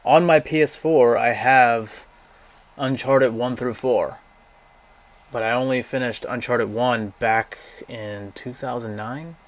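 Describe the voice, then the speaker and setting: A man's voice: mid-range voice, fairly even intonation, takes it slowly. A young man casually rambling through a game library, giving blunt, profane opinions and going off on tangents. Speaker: gaming vlogger.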